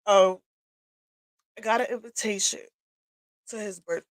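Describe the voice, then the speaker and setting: A woman's voice: mid-range voice, fairly even intonation, measured pace, no echo, low-quality recording. A woman hosting a livestream, telling her own story in a candid, emotional way, tearful and sniffling as she talks. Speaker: livestream host. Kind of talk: personal testimony talk. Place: home workshop.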